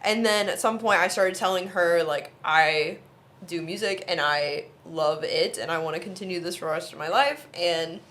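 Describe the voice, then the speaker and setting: A woman's voice: lowish voice, normal speed. A young woman from Oman in her twenties, telling a personal story on a casual podcast chat and acting out the quotes. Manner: animated storyteller who acts out quotes. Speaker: podcast co-host and musician.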